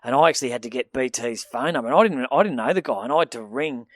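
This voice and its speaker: A man's voice: medium pitch, animated, quick pace, dry recording, studio quality. A young Australian man co-hosting a podcast, telling rambling stories in a casual, sweary way with lots of restarts. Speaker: podcast co-host. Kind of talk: casual chat.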